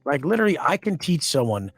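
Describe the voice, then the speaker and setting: Husky, foul-mouthed man telling stories. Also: a little high, very animated, fast, fairly bright tone, dry recording, faint music behind. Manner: blunt, aggressive, swears constantly; acts out quoted confrontations. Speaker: podcast guest. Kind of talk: profane storytelling in a podcast interview.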